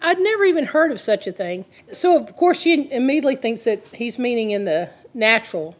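A woman's voice: fairly high pitch, animated, a little fast. Earnest woman preaching through a story. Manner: earnest, retells the story with quoted dialogue. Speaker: Christian teacher. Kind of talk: conversational sermon storytelling.

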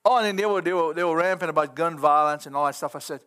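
A middle-aged man preaching a fervent sermon, folksy in grammar and rising at times to shouts. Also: a little high, rapid-fire, hardly any pauses.

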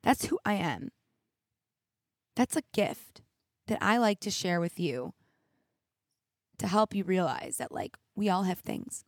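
A woman's voice: on the low side, very animated, slow pace, pauses often, dry recording, studio quality. A young woman hosting her own podcast, talking candidly and reflectively, teary at times, with many "like"s. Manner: candid, reflective, heavy use of "like". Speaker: podcast host. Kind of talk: emotional solo podcast monologue. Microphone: studio mic with headphones.

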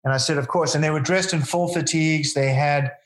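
Male storyteller, slightly high voice, earnest, rambling interview style. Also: steady tone, a little fast. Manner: earnest, rambling, many fillers and restarts. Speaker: event founder telling stories to a host.

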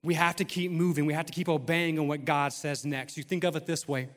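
Guy in his 30s preaching, slightly higher voice, chatty, cracks jokes and acts out little bits. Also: steady tone, a little fast, long reverb tail, faint music behind. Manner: conversational preaching with humor and acted asides. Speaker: pastor. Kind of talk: sermon.

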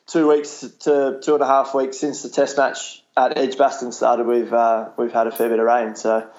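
A laid-back Australian man answers interview questions at an easy pace. He restarts his sentences often and leans on "you know" and "um". His voice sits at an ordinary middle pitch. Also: moderate pace, muffled recording. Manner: relaxed, hesitant, many restarts and "you know". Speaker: interview guest, cricketer. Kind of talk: casual interview chat.

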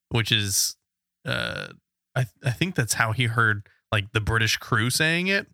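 A man's voice: mid-range voice, animated, a little slow, bright, forceful tone, dry recording, studio quality. A man co-hosting a casual podcast, teasing his partner in a wry way. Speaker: podcast co-host.

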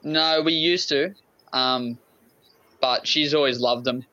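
A man's voice: medium pitch, slow, pushed and bright, no echo. Australian guy, laid back, mid voice, dull muffled recording. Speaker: guest. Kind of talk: casual chat.

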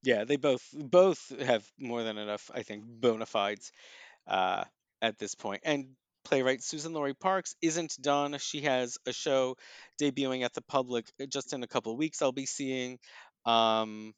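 A man talking through the plays and films he has just seen, in a smooth, resonant voice and a relaxed, measured way. He pauses often with ums and starts his sentences over. The sound is close and dry. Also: mid-range voice, no echo. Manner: thoughtful, with frequent ums and restarts. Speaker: theater and film critic. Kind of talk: casual review chat.

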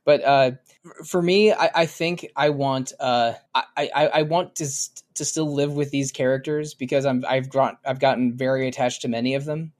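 A man's voice: mid-range voice, fairly even intonation, normal speed. Thoughtful man in casual podcast chat. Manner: thoughtful, rambling, with many restarts and fillers. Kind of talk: casual podcast chat about a video game.

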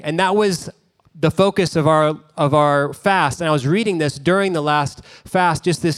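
A pastor delivers his sermon in a relaxed, conversational way, stopping for small asides as he tells a story. His speaking voice is a man's voice that sits somewhat high. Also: normal speed.

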